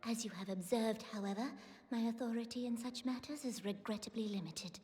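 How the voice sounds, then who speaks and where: An actress playing a regretful young ruler who speaks formally and apologetically in a game. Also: female voice, fairly high pitch, brisk, mellow, in a large hall, close to an everyday voice.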